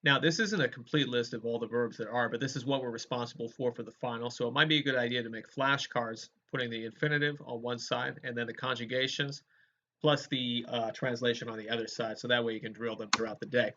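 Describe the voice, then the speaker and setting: A man teaching a Spanish grammar lesson, explaining verb forms clearly and modeling each conjugation aloud for students to repeat. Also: medium pitch, steady tone, quick pace, bright, forceful tone. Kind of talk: recorded lecture with choral drills. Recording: dull lo-fi lecture recording.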